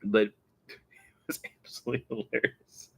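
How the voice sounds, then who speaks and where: A man hosting a casual vlog, telling an excited story and breaking into laughter again and again. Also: on the low side, normal speed, gravelly, slightly rough, dry recording. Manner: giggly, keeps breaking into laughter. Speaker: show host.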